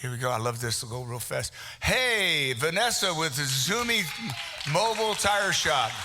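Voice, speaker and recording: A man's voice: a little high, expressive, unhurried, noisy background. A man emceeing a live prize raffle in a meeting hall, teasing people and calling out names to the crowd. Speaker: event emcee. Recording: long reverb of a big hall.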